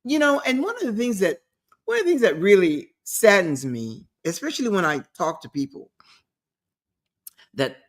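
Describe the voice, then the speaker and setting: A woman's voice: medium pitch, big pitch swings, normal speed, long pauses. A woman hosting a talk show, giving an emphatic motivational monologue and repeating her key points.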